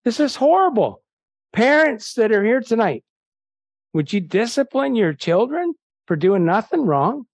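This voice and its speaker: A man's voice: extremely high pitch, very animated, measured pace, dry recording. Earnest preacher man, dry close sound. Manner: earnest, rising to indignant rhetorical questions. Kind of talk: evangelistic sermon with Bible reading.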